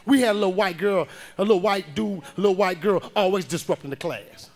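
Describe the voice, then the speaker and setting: A man performing a stand-up comedy routine on a club stage, telling a story loudly and acting out the people in it. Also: high voice, fairly quick. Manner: loud animated storytelling, acting out the people he quotes.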